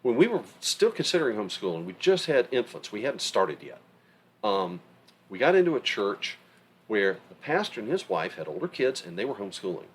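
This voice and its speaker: Man, middle-aged, podcast co-host, low voice, very animated, casual chat. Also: brisk, breathy edge. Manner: animated, emphatic storytelling. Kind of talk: casual conversation.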